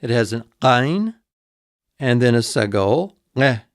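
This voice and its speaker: Slow, deliberate male language teacher. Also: medium pitch, lively intonation, dry recording, studio quality. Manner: slow, deliberate, repeats each word and spells it out. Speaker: instructor. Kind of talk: recorded vocabulary lesson.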